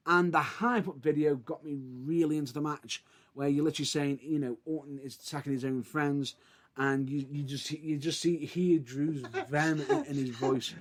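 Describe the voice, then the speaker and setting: A male podcast host with a fairly high voice, chatting casually. He retells moments in an excitable, animated way. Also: normal speed. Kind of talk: casual chat.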